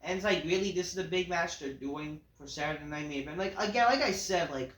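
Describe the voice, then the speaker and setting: A man's voice: a little high, fast talker, fairly bright tone. A man reviewing a wrestling show in a casual, profane, dismissive rant full of filler words. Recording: echoey room.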